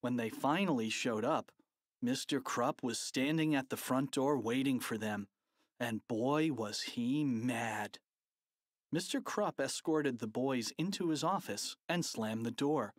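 A playful, expressive narrator reading a children's audiobook. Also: mid-range voice, measured pace, no room sound, clean studio sound.

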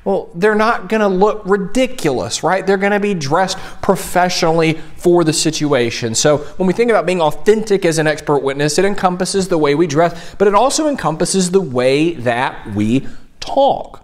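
A young man from Tennessee explains courtroom tips in a relaxed, conversational way. His voice sits a little high for a man, and he keeps checking in with his listeners. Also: normal speed. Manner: conversational, keeps asking "right?". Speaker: mock trial coach. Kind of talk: instructional video talk.

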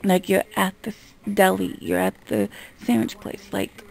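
A woman's voice: mid-range voice, steady tone, moderate pace, vocal fry, a little mellow, a little hiss or hum. A woman vlogger in a casual, exasperated rant, talking bluntly and swearing freely. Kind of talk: casual ranting monologue.

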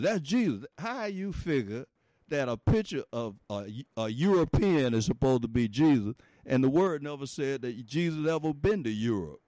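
A man preaching an informal sermon in a folksy, animated way, laughing often and talking straight to his listeners. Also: mid-range voice, moderate pace, dry recording.

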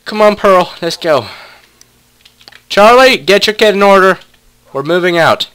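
A man's voice: sits high, expressive, measured pace, a bit bright, smooth. A young man casually commentating a block-building game, playfully talking to his pet wolves. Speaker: let's play gamer.

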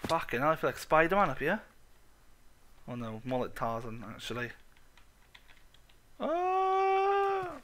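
A man with an excitable, sweary, self-mocking manner, giving let's play commentary on his own game. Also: medium pitch. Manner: excitable, swears a lot, laughs at himself. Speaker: gaming channel host.

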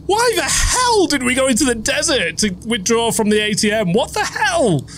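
A man's voice: extremely high pitch, big pitch swings, normal speed, fairly bright tone, a little hiss or hum. A young man playing a horror game on video, reacting with startled swearing and muttered comments. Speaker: gaming YouTuber.

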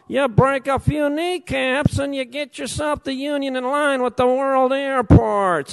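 A man's voice: very high-pitched, gravelly, clean tone, exaggerated voice. A man putting on the voice of a tough-talking mobster with a mocking gangster drawl, speaking at a council meeting. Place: council chamber.

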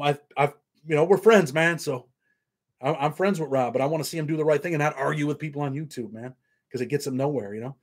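A man's voice: fairly high pitch, a bit bright. A man hosting a casual livestream, rambling and swearing while reading viewer comments aloud. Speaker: show host.

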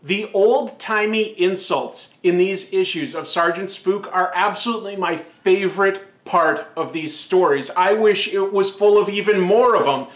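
A man's voice: high voice, unhurried, hardly any pauses, reverberant. A man giving a sarcastic, comedic recap of an old comic book as host. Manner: sarcastic, wry.

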